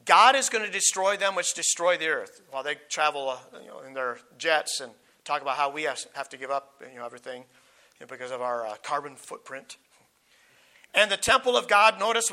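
High, bright-voiced preacher losing his voice. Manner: reads scripture slowly and emphatically, with stumbles and restarts in asides. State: losing his voice, clearing his throat. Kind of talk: sermon, Bible teaching.

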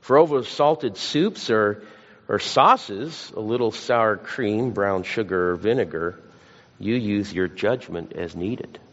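A male pastor, his voice lowish, slow and a bit bright, preaches by combining scripture with self-deprecating, folksy stories. It's a lo-fi recording made in a church hall.

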